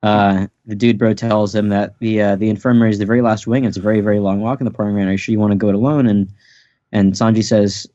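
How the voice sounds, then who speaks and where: A man's voice: on the low side, steady tone, fast talker, warm tone, no echo. A man hosting a podcast, recapping a manga chapter in a playful, rambling chat with lots of restarts. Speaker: podcast host. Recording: dry, dull lo-fi podcast audio.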